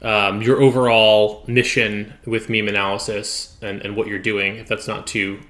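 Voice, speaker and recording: A man's voice: fairly low pitch, level tone, normal speed, a bit bright. A man hosting a casual podcast interview, talking loosely and meandering as he thinks aloud. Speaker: podcast host.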